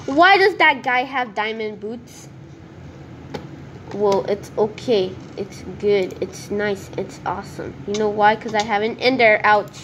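A woman commenting on her own gameplay as she plays, talking to herself in an excitable, nervous way. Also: medium pitch, a little slow, noisy background. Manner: excitable, nervous self-talk. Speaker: gaming video creator.

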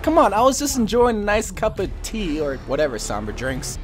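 A young man giving goofy, excitable gameplay commentary into a desk mic, yelling and laughing at his matches. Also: high voice, a little fast, hardly any pauses. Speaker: gaming YouTuber.

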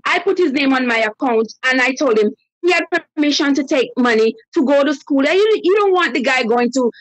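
Woman caller, high voice, dry close sound, lively storyteller who acts out the quotes. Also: fairly quick, dry recording, rough recording. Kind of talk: telling a personal story on a live call-in show.

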